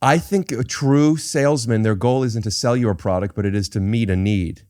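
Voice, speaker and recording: A man hosting a podcast in casual chat, measured and thoughtful with a wry edge. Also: mid-range voice, darkish tone, dry recording, studio quality. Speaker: podcast host.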